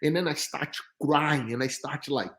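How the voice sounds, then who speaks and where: A man telling stories as a podcast guest in an animated, chatty way, with slightly non-native grammar. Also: on the high side, normal speed. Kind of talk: storytelling in casual chat. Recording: roomy echo.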